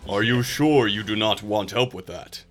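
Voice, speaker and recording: A man's voice: fairly low pitch, normal speed, fairly bright tone, faint music behind, close to an everyday voice. A man doing a grave alien warrior father. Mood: concerned. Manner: formal, grave, no contractions. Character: solemn large male alien warrior father.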